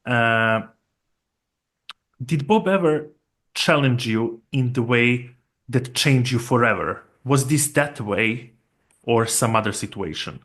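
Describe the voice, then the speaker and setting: A man hosting an interview show, asking measured questions and giving brief reactions. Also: medium pitch, lively intonation, fairly bright tone. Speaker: podcast host.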